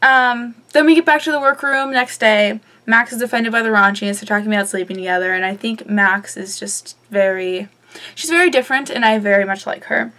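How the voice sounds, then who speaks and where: A woman's voice: fairly high pitch, a little fast, fairly bright tone. A young woman vlogger chatting casually through a recap, with lots of ums and offhand swearing.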